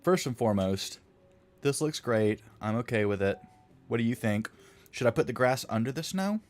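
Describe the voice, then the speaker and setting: A man streams his game-modding work, editing textures while joking and rambling casually with chat. His medium-pitched voice is expressive at normal speed, with faint music behind.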